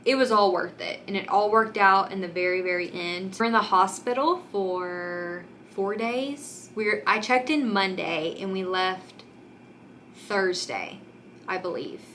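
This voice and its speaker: This young woman vlogs with candid, chatty openness, using many "like" and "um" fillers and coming close to tears at moments. Her medium-pitched, slightly bright voice moves at a measured pace, with a little hiss or hum present.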